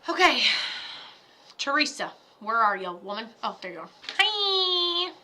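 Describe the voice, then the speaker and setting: Bright, high-voiced woman medium. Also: sing-song, a little slow, slight background noise. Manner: blunt, profane, pep-talk delivery. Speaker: psychic medium. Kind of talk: live-stream mediumship reading.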